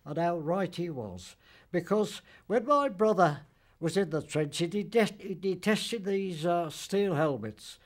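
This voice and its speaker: Casting: very old man, veteran interviewee, halting and fairly high-voiced. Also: animated. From Birmingham, England. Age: older, about 90s. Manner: halting, repeats words, old-fashioned dialect grammar. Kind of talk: spoken recollection in interview.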